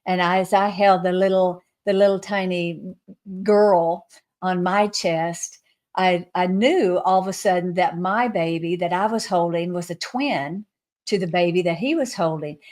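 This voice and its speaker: A woman with a fairly low voice recounts a spiritual vision as a guest. She speaks earnestly, with small restarts. Her voice often softens and slows to a near-hush. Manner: soft, hushed and slowed when quoting. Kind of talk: spiritual testimony storytelling.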